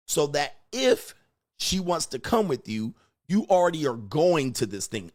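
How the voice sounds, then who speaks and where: A man's voice: a little high, sing-song, measured pace, darkish tone. A man lecturing on dating in a blunt, emphatic way, swearing and acting out quoted exchanges. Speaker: dating advice host. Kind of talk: lecturing monologue.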